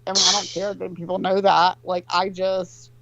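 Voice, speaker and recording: A woman's voice: lowish voice, flat delivery, moderate pace, highs cut off, heavy background noise. Profane rambling storyteller woman. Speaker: co-host telling a story. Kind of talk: casual chat.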